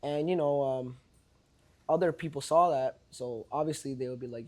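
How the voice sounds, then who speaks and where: A man's voice: mid-range voice, normal speed. A young man from Brooklyn, a podcast guest telling stories in a laid-back, slangy way. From Brooklyn, New York. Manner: laid-back, slangy storytelling full of "like" and "you know". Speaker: podcast guest, party promoter. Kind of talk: casual interview chat.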